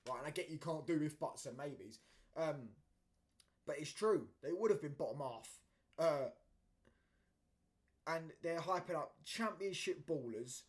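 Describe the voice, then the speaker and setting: A man, hosting a football talk show and ranting casually, with plenty of fillers, restarts and heated outbursts. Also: mid-range voice. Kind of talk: casual opinion rant.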